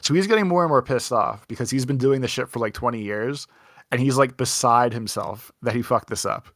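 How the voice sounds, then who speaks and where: A man's voice: medium pitch, a little fast, a bit bright, dry recording, studio quality. A young man co-hosting a podcast, telling a rambling anecdote full of "like" and acted-out quotes in a casual chat. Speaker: podcast co-host.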